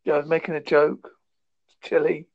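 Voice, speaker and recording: A man's voice: sits high, normal speed, narrow, tinny audio. A man from England chatting casually, joking around and slipping into silly voices. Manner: jokey, slips into silly voices and impressions. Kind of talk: casual chat.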